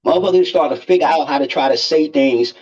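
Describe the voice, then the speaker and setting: A man with a high voice chimes into a podcast chat in loose street slang, jumping in between the host's lines. His sound is muffled and lo-fi, as if picked up through a cheaper mic. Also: fast, a little mellow. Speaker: podcast co-host.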